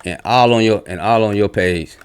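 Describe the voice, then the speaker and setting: This religious commentator reads out online comments and lectures about them in an angry, profane rant, blunt and combative. His voice sits fairly low, moves at a normal speed, and sounds clean.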